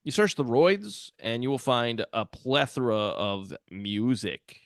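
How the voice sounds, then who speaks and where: A man's voice: mid-range voice, lively intonation, slow pace, dry recording. A man co-hosting a podcast in casual chat, dryly plugging where to find their songs. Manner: dry, plugging the show's music. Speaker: podcast co-host.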